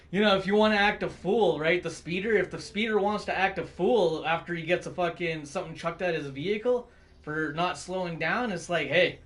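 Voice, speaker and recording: A man's voice: sits high, normal speed. A man, chatting casually as a streamer, rambling, swearing constantly and laughing often. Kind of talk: casual chat.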